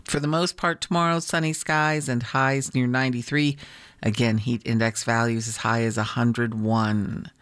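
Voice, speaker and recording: A relaxed morning radio announcer speaks close to a studio microphone, their voice clean and resonant. The sound is dry and close, with no room around it, and they talk in an easy, unhurried way with small fillers. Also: medium pitch, smooth, dry recording. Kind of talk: classical radio announcing with weather and traffic.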